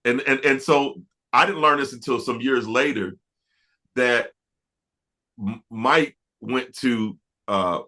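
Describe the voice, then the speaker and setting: A middle-aged man, an R&B producer, telling stories in a casual interview, animated and stumbling over restarts. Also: medium pitch, takes it slowly, long pauses. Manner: animated, laughing storyteller with many restarts.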